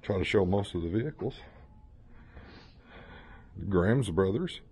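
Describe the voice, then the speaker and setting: A man's voice: sits low, lively intonation, a little slow, darkish tone, husky. A man in his fifties giving a playful, joking walkthrough of a museum as a vlogger, talking casually as he goes. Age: 50s. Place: indoor museum hall.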